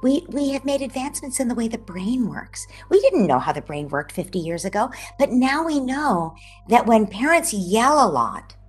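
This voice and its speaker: A woman psychologist giving animated, explanatory interview answers over a video call, at times dropping into a soft near-whisper. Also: fairly high pitch, normal speed, soft background music. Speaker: psychologist guest.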